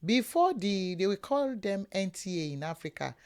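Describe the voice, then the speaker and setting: A woman with a mid-range voice co-hosts a relaxed couch conversation. She speaks emphatically, leans into anecdotes and keeps throwing out rhetorical questions. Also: mid-range voice, moderate pace. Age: adult parent. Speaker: co-host. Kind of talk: casual chat.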